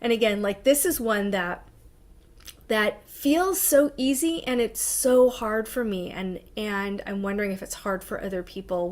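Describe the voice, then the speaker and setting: Woman therapist talking through a webinar. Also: medium pitch. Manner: conversational, warm-hearted advice with frequent fillers and restarts. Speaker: psychotherapist giving a talk. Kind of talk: informal webinar presentation.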